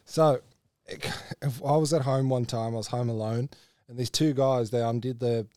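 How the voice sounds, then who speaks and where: Rambling Australian storyteller bloke. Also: male voice, medium pitch, fairly even intonation, moderate pace, a little mellow, no room sound, studio quality. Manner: rambling storyteller, laughs often. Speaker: podcast co-host. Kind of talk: casual chat.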